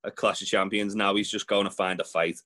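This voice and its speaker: Young bloke, blunt and sweary, just chatting through the week's matches. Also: male voice, fairly low pitch, little pitch movement, brisk, pushed and bright. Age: young adult. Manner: blunt, sweary, laid-back recapping. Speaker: podcast co-host. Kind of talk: casual chat, recapping wrestling.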